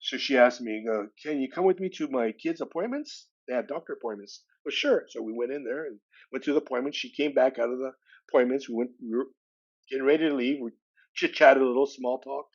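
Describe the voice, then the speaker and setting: Male guest, 60s, mid pitch, lively storyteller, slightly dull sound. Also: fast talker. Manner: lively retelling with acted-out dialogue. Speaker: podcast guest. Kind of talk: personal storytelling.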